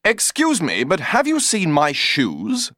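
A fussy, easily annoyed Englishman abroad, high and spluttering, his voice leaping all over the place, as a man puts him on for a storybook reading. The sound is dry and close. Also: huge pitch swings, a little slow, no room sound, full character voice. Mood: flustered.

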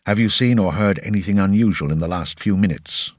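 A man reading an audiobook, voicing a gruff older male security officer who is deferential but evasive. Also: sits low, fairly quick, dry recording, clean studio sound.

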